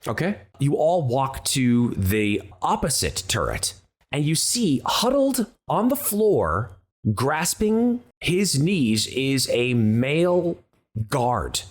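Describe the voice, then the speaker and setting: A man's voice: medium pitch, big pitch swings, takes it slowly. A man narrating a tabletop role-play game as the dungeon master, calling for dice checks and describing scenes.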